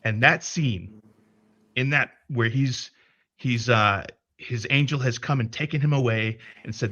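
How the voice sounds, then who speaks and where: A man's voice: mid-range voice, unhurried, dry recording, lo-fi sound. A man telling a story in a casual livestream chat, cursing freely and restarting his sentences as he goes. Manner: profane, animated retelling with many restarts. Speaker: podcast co-host.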